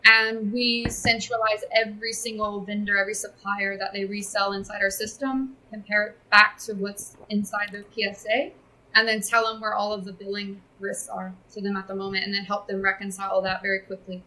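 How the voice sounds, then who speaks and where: A woman's voice: medium pitch, level tone, brisk, bright, forceful tone, poor audio. A woman from California, a guest on a business podcast, explaining her company's work fluently and upbeat in casual chat. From California, USA.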